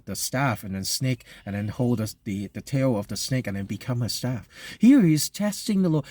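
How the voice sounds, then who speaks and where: A man preaching a sermon. He reads scripture aloud, then explains it in a halting, conversational way with many fillers and restarts. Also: mid-range voice, dark tone, no room sound. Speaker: pastor.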